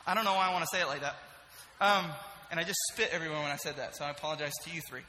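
A young man serving as a middle school pastor, giving an energetic, joking sermon and asking the group questions. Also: on the high side, racing, long reverb tail, a little hiss or hum, poor audio. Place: church youth room.

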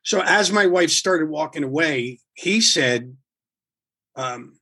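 A man with a husky, slightly raspy voice sitting a touch higher than most men. He tells a story in an animated, rambling way, full of restarts and casual swearing. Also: takes it slowly. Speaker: guest musician.

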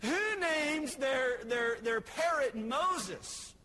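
A man voicing a startled male burglar in a told story, raising his voice in excitement. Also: very high voice, slow, pitched above the performer's own voice, full character voice. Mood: bewildered. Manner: excited, raised and shouting.

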